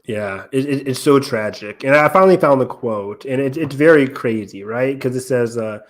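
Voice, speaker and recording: A man's voice: medium pitch, normal speed. Man analyzing a show in podcast chat. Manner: analytical, steady explaining with frequent ums and restarts. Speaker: podcast co-host. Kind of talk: casual podcast discussion.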